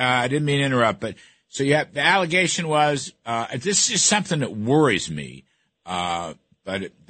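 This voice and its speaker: A male radio talk show host, chatty and halting, full of uhs as he introduces guests and asks questions. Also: fairly low pitch, fairly bright tone, no room sound.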